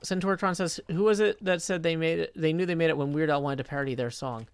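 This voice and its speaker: A man chatting casually on a live stream, reading viewer messages aloud and thinking out loud as he goes. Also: on the high side, steady tone, quick pace, smooth, dry recording.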